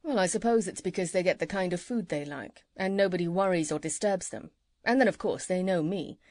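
A woman voicing a gentle, kindly male country doctor who chats fondly, in a lowered voice. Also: brisk, no echo, natural voice. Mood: fond, chatty.

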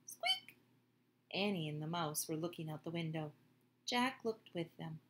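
A woman reading a children's book aloud in a gentle, expressive way. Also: deep voice, normal speed, slight background noise. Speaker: storyteller.

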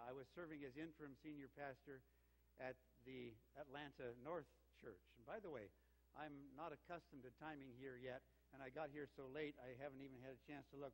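An older man, an interim senior pastor, telling a story in a sermon with anecdotes. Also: mid-range voice. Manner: warm storytelling with lively quoted exchanges. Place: church sanctuary. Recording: reverberant church sanctuary.

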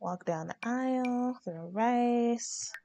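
A woman's voice: on the high side, takes it slowly, vocal fry, mellow, no room sound. A young woman hosting a let's play, narrating her game in a chatty, slangy way. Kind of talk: casual game commentary.

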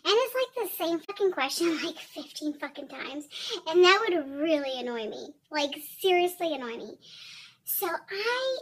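A woman's voice: sits high, low-quality recording. A young woman vlogging in a rambling, sarcastic, giggly way, swearing freely. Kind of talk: casual chat to camera.

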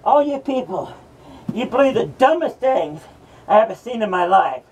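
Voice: mid-range voice, big pitch swings, moderate pace, slightly rough, recorded from a distance, low-quality recording. A performer voicing a mocking male madman from hell who hosts a horror rant, taunting and cursing at the listeners. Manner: ranting, taunting, cackling, profane.

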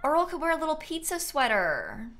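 Woman streamer, casual and giggly, sits a little high in pitch. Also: huge pitch swings, moderate pace, background noise. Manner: chatty, giggly, talks to chat. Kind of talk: casual gameplay commentary.

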